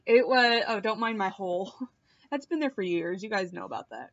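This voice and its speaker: A woman's voice: mid-range voice, lively intonation, measured pace. A woman in a casual, rambling chat to her viewers, filmed on a laptop mic at home, swearing and laughing often. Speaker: vlogger. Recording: dull lo-fi laptop audio.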